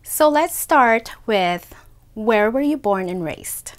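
A woman's voice: a little high, expressive, takes it slowly. A woman hosting an interview show, introducing her guest and asking questions in a formal, welcoming tone. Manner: formal, welcoming announcer delivery. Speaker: show host.

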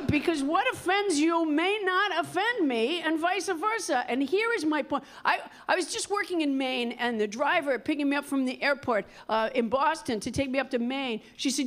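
A middle-aged woman doing stand-up, chatting with the crowd in a wry, halting way that keeps interrupting itself. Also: high-pitched, a bit bright. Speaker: stand-up comedian hosting. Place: comedy club stage. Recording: live club with audience. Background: crowd laughter.

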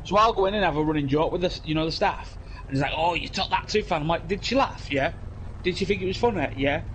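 Young British guy, slightly high voice, sweary rambling gamer banter, laughing often, headset chat. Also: fast, fairly bright tone, slight background noise. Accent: British English. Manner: rambling, profane storytelling with frequent laughs. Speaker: gamer streaming with friends. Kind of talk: casual banter while gaming.

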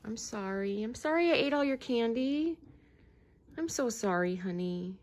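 A young woman talking as a mother in a casual home video, softly coaxing and gently repeating her questions. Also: fairly high pitch, lively intonation, a little slow.

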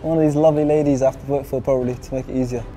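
A young man running a game, brisk and teasing as he announces the votes. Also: medium pitch, steady tone. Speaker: game host. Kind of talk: hosting a game. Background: noise.

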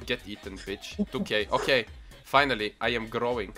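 A young man giving casual gaming commentary, excitable and quick to swear in frustration. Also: mid-range voice, soft background music. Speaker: gaming channel host.

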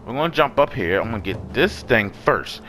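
A man giving excitable, profanity-laced let's play commentary, talking back to the enemies he fights. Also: mid-range voice, normal speed, slight background noise. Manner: excitable, swears a lot, talks to enemies. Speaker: gamer. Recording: background music.

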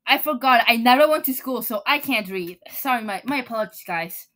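Young woman reading memes deadpan. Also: a little high, fairly quick, hardly any pauses. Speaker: meme reader. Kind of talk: casual comedic reading.

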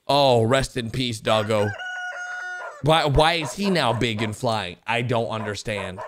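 A man excitedly commenting on cartoon clips for viewers, exclaiming, gasping and laughing as he goes. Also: mid-range voice, unhurried, slight background noise. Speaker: host reacting to animations.

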